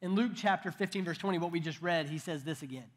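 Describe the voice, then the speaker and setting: A man's voice: fairly high pitch, quick pace. A man in his thirties preaching a sermon in a conversational way, with joking asides and frequent restarts. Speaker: pastor.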